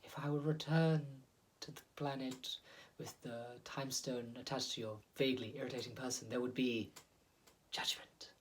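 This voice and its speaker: A man doing a hushed, stony alien villain. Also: mid-range voice, fairly even intonation, normal speed, a little hiss or hum, natural voice, low-quality recording. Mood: menacing. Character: cold, menacing male alien villain.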